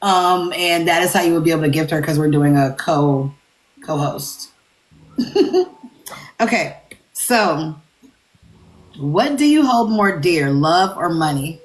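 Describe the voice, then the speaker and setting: A woman's voice: sits low, animated, slow pace, pauses often. A woman hosting a casual live interview, chatty and emphatic, laughing easily. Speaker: livestream interviewer.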